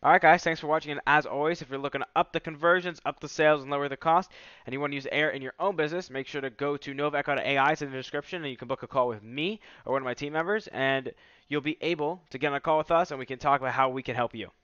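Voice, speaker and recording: Smooth-voiced enthusiastic male vlogger. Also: fairly high pitch, very fast, hardly any pauses, fairly bright tone, no room sound. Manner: casual, enthusiastic salesy delivery. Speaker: tech vlogger host. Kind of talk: casual product demo commentary. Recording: slightly muffled dry recording.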